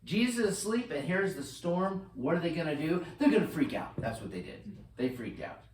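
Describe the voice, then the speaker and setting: A man preaching a sermon as pastor, animated, swinging between loud bursts and hushed lines. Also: on the high side, moderate pace, roomy sound, far from the mic, slight background noise, rough recording. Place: church sanctuary.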